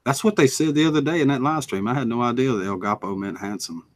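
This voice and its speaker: A man's voice: medium pitch, fast, dry recording. A man from North Carolina with a Southern American accent, hosting a casual live stream chat in a folksy, drawling way. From North Carolina, USA. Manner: folksy, drawling, greets viewers.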